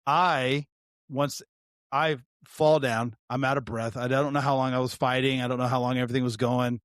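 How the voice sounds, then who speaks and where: A man co-hosting a podcast, telling a story in loose, animated chat. He swears often and trips over his own restarts as he goes. His voice sits at an ordinary mid pitch and sounds close and dry, with no room echo. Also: moderate pace. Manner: profane, animated, frequent restarts. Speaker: podcast co-host, retired deputy.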